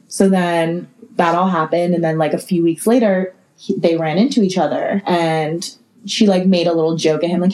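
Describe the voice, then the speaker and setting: A young adult woman telling stories in casual chat, animated and profane, full of "like". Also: lowish voice, brisk, low-quality recording. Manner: profane, animated, filler-heavy.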